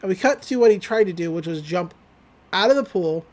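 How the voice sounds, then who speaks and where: A woman's voice: on the low side, animated, a little fast, a little mellow. A woman co-hosting a podcast, giving a chatty, casual recap with laughs and fillers. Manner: chatty, giggly, with frequent fillers. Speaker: podcast co-host.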